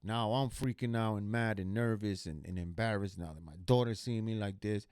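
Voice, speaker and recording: A man's voice: on the low side, moderate pace, darkish tone, clear, resonant tone, no room sound, clean studio sound. A man streaming a reaction video, telling a personal story casually in a blunt, profane, emphatic way.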